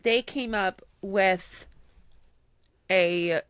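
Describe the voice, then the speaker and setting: A woman's voice: medium pitch, drawn-out words, fairly bright tone, clear, resonant tone, dry recording, clean studio sound. A woman co-hosting a podcast, chatting casually and telling stories full of fillers and acted-out quotes. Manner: chatty storyteller, lots of fillers, acts out quotes. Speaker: podcast co-host. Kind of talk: casual chat.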